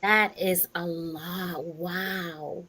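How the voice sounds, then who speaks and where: A woman's voice: on the low side, fairly even intonation, extremely slow, a crowd in the background. A woman hosting a live show interview, asking curious follow-up questions. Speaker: show host.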